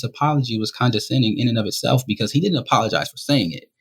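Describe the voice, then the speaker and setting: A young man from Rochester, New York, guesting on a podcast and telling candid stories in a relaxed, conversational way. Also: medium pitch, quick pace, husky. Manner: relaxed, conversational, often says "you know". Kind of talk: candid storytelling.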